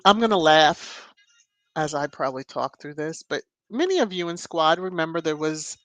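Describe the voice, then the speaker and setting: A woman's voice: sits low, expressive, moderate pace, fairly bright tone, no room sound. A woman hosting a casual livestream, commenting and reading chat with sassy, chatty asides, humming and laughing often. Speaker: livestream host.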